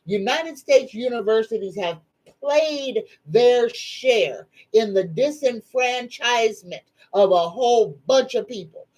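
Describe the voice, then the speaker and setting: A woman's voice: on the high side, lively intonation, takes it slowly, poor audio. A middle-aged woman, hosting a live psychic chat in a folksy, emphatic, preachy way. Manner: tearful, soft-spoken. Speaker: psychic livestream host. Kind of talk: casual live-stream chat.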